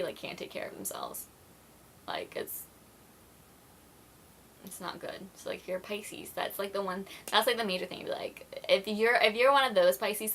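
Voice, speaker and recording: Bright-voiced chatty woman vlogger. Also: mid-range voice. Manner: chatty, filler-heavy, apologetic, acts out quoted exchanges. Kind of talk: casual vlog chat to camera.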